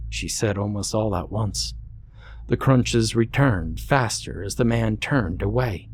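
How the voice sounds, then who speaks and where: Male horror narrator, very slow, measured, suspenseful, faint background hum. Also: fairly low pitch.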